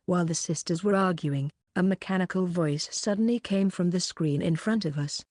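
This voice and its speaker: A woman narrating a light novel audiobook, reading every character in a near-even voice. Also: fairly low pitch, moderate pace, few pauses, no room sound, studio quality.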